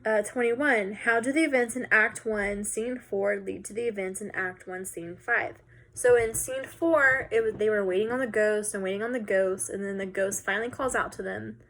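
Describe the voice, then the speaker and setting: A woman teacher casually walking students through a recorded lesson, talking in a relaxed way with some filler words. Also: medium pitch, normal speed.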